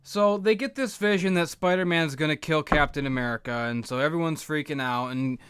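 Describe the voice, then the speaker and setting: A young man recapping comic books in a profane, sarcastic rant that erupts into shouting. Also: fairly high pitch, fairly quick, clean tone, dry recording, clean studio sound. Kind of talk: ranting comic book recap.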